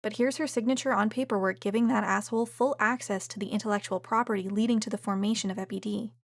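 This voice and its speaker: A woman's voice: mid-range voice, steady tone, fast talker, creaky, dry recording. A woman voicing a blunt, wry young female assistant who talks in a dry, offhand way.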